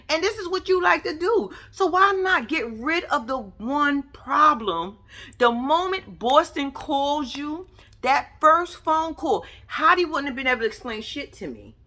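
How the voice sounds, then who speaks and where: A woman giving a profane, sassy, animated recap commentary. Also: sits high. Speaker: reality TV recap vlogger. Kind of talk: casual commentary.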